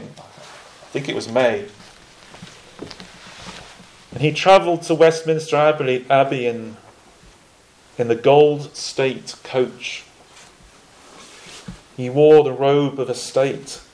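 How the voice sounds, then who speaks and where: A man preaching a sermon in a measured way, pausing often and restarting phrases. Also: mid-range voice, darkish tone, poor audio. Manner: measured, with frequent pauses and restarts.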